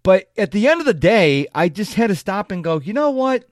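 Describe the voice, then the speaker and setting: A man hosts a chatty motivational podcast alone, his voice slightly high and swinging widely in pitch. He speaks directly to listeners and corrects himself as he goes. The sound is dry, with no room echo. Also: moderate pace. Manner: animated, chatty, self-correcting, talks straight to listeners. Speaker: podcast host. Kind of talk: solo motivational podcast monologue.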